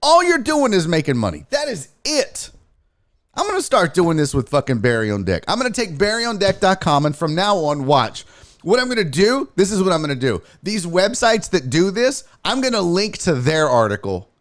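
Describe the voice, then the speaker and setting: A man's voice: high-pitched, very animated, normal speed. A man hosting a sports stream, ranting in a profane, exasperated way and mocking others in sing-song asides. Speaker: sports show host. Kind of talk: live-streamed sports rant.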